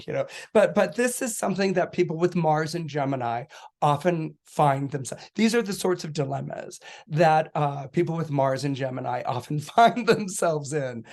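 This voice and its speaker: Chatty man with a fairly high voice. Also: moderate pace. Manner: animated storyteller, acts out quoted voices with laughs. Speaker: astrologer podcast guest. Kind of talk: casual explanatory talk.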